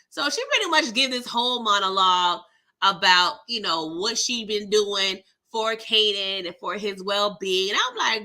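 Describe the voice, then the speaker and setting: A woman's voice: medium pitch, normal speed, bright, forceful tone. A woman hosting a casual live recap of a TV episode, talking in a sassy, slangy, exasperated way. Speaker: TV recap host.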